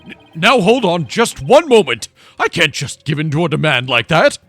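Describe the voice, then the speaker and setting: A man's voice: on the high side, big pitch swings, normal speed, fairly bright tone, no room sound, soft background music, full character voice. A man doing an eager, stammering detective. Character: eager upbeat male police detective.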